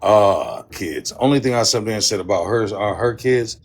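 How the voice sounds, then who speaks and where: A man's voice: on the low side, expressive, moderate pace. A man hosting a livestream, ranting angrily and swearing heavily, repeating himself as he tells his side of an online feud. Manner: heated, profane, repetitive. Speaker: livestream host. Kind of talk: angry livestream rant.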